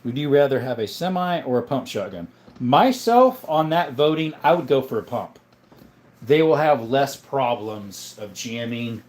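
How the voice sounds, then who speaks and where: A man's voice: medium pitch, lively intonation, measured pace, darkish tone. Rambling man hosting a livestream. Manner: rambling, jokey, reads chat aloud. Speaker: livestream host. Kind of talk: casual livestream chat.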